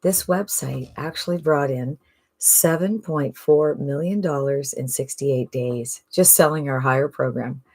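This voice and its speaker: A woman from Canada with a low, deep voice makes a casual sales pitch. She talks in a chatty, persuasive way and keeps asking the listener rhetorical questions. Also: a little slow, darkish tone. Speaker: online business promoter.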